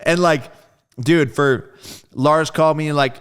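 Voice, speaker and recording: A man's voice: on the high side, takes it slowly, smooth. A man telling a story as a guest in a casual interview, loose and profane, acting out the voices of friends he quotes. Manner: animated storyteller who acts out quoted friends. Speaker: guest drummer.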